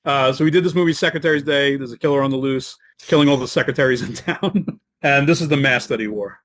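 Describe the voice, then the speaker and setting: A man guesting on a podcast, chatting in an excitable way, laughing often and filling his talk with "like". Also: mid-range voice, fast, a little hiss or hum. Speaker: guest filmmaker. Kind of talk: casual podcast chat.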